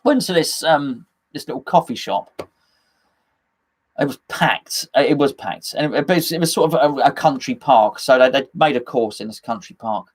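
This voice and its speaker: A man's voice: medium pitch, expressive, normal speed. Chatty man hosting a fan stream. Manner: rambling, jokey, chatty with many fillers and restarts. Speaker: host of a fan live chat. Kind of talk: casual live-stream chat reading comments.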